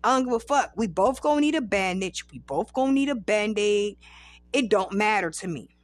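A woman's voice: mid-range voice, expressive, normal speed, no echo. A woman in her thirties hosting a podcast, telling a rambling, profane story in casual chat. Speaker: podcast host.

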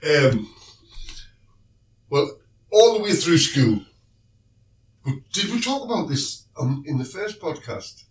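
A man with a South London accent, a radio presenter co-hosting a casual podcast chat, jokey and teasing and quick to laugh. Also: on the high side, very animated. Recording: roomy, distant mic, faint noise.

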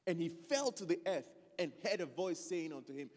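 A man preaching a lively sermon, loose and joking, often stopping to find his place in the text. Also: fairly high pitch, brisk, few pauses, in a large hall. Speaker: pastor.

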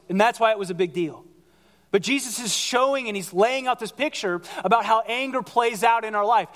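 Animated high-voiced male pastor preaching. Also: long reverb tail. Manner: animated, conversational, acts out quoted voices. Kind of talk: sermon. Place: large church hall.

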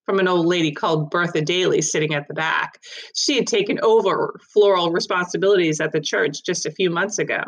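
A woman reading a children's story aloud in an even, measured narration. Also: lowish voice, slightly rough, rough recording.

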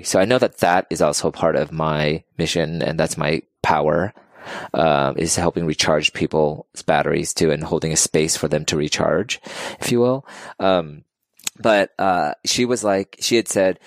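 Podcast guest: low-voiced man, dry close sound, earnest and teary storytelling. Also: moderate pace, dry recording. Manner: earnest, emotional, animated storytelling. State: tearing up. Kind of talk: casual interview chat.

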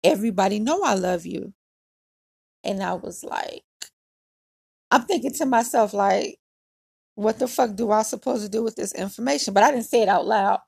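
A woman's voice: medium pitch, normal speed, creaky, slightly rough. A woman hosting her own podcast, telling a personal story in a blunt, nonchalant, profane way. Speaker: podcast host. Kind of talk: casual storytelling monologue.

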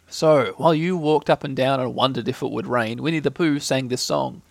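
A man reading a children's storybook aloud in a gentle, unhurried way. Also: mid-range voice, gravelly, no room sound. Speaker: reader.

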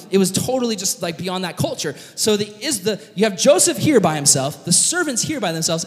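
A man with a high, very lively voice preaches a casual, joking sermon, retelling a story with lots of fillers. His voice carries the long echo of a church hall.

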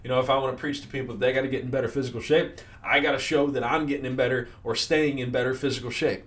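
A man's voice: medium pitch, fairly even intonation, racing, fairly bright tone. A man in the financial services industry giving a casual motivational talk, often checking in with "right?" and filler words. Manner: conversational, many fillers and "right?" tags. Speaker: sales leader in financial services.

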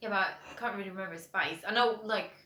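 A woman co-hosting a podcast in relaxed, chatty conversation. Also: mid-range voice, fast talker, slight background noise. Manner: relaxed, chatty, uses "I reckon" and "like". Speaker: podcast co-host. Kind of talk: casual chat. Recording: echoey room.

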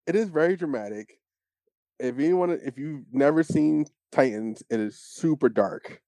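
Podcast co-host, male, casual storyteller; dark tone, swooping pitch, dry close sound. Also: a little slow, dry recording. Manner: animated storytelling, acts out quotes. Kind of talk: casual chat.

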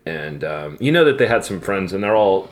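A man talking casually in a hesitant, halting way, with many fillers. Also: low voice, big pitch swings. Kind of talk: casual chat.

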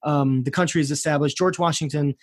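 A man's voice: on the high side, steady tone, fairly quick, no room sound, clean studio sound. An American man casually retelling history on a podcast, rambling with frequent restarts. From United States.

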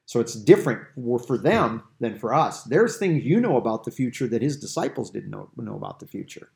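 A man's voice: mid-range voice, expressive, fairly quick, vocal fry, a little mellow. A man leading a Bible study discussion, explaining Greek grammar with everyday examples. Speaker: Bible teacher.

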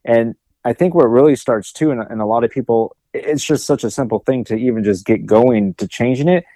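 Mellow-voiced man musing on a podcast. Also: mid-range voice, brisk, dry recording. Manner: rambling, reflective, many fillers. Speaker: podcast co-host. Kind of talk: casual podcast chat.

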